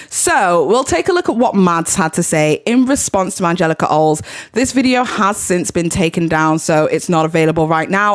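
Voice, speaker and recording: British woman, livestream host, casual commentary, chatty, lowish voice. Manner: chatty, reacts with laughs between clips.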